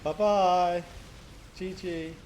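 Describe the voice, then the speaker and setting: A man's voice: high voice, steady tone, very slow, darkish tone, a little hiss or hum. A man casting a multiplayer strategy game in a loose, chatty way, laughing and teasing the players. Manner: chatty, laughs often, puts on silly voices for players. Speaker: game caster. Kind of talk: casual game commentary.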